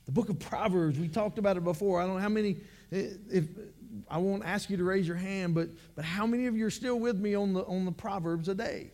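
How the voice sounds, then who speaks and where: A man preaches to his congregation in a loose, conversational way, doubling back on words as he pushes toward each point. His voice sits notably high for a man. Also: a little fast, darkish tone. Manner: conversational, repeats words while building points. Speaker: pastor. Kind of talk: sermon.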